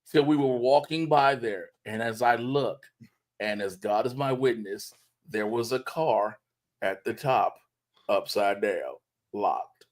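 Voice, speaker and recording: A man hosting a casual livestream talk show, an animated storyteller who acts out quoted dialogue. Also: medium pitch, slow. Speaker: host.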